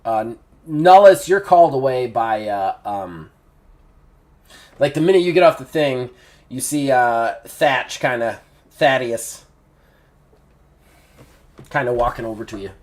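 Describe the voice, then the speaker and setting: Game master, man, lively up-and-down delivery, chatty, laughs often. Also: medium pitch, measured pace, long pauses. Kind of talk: narrating a tabletop game.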